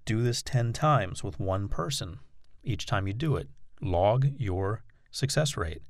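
Male instructor, lowish voice, patient step-by-step explainer, dry close recording. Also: lively intonation, takes it slowly, no room sound. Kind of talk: instructional talk.

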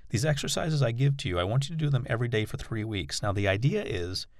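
A man's voice: mid-range voice, expressive, fast talker, dry recording, studio quality. A man teaching an exercise, patiently explaining it step by step with examples. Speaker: instructor. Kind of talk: instructional talk.

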